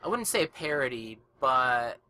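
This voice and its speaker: A man's voice: mid-range voice, big pitch swings, moderate pace, pushed and bright, a little hiss or hum. A man co-hosting a casual podcast, laid-back with dry teasing and many short agreeing replies. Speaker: podcast co-host. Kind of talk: casual chat.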